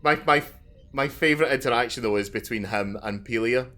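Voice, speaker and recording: A man's voice: medium pitch, fairly quick, pushed and bright, soft background music. A man co-hosting a podcast, chatting eagerly with lots of stammered restarts. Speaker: podcast co-host. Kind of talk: casual chat.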